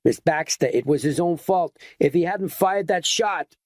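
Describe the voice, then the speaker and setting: A gruff, cynical man barks orders and grumbles bitterly, pitched above a normal speaking voice, as an audiobook narrator puts him on. The sound is close and dry. It is a horror audiobook character. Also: lively intonation, a little slow, no room sound. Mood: stern. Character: blunt, cynical middle-aged man taking charge.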